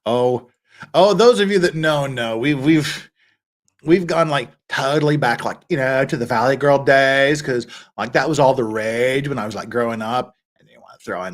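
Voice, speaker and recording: A man's voice: medium pitch, lively intonation, normal speed. A middle-aged man hosting a live stream, chatting casually, reading out viewer comments and laughing often. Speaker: livestream host.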